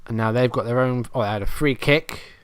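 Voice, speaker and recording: A man's voice: mid-range voice, fairly quick, clear, resonant tone, dry recording. Exasperated man narrating a football game. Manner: exasperated, self-deprecating, muttering play-by-play. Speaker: gaming commentator. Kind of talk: casual let's-play commentary.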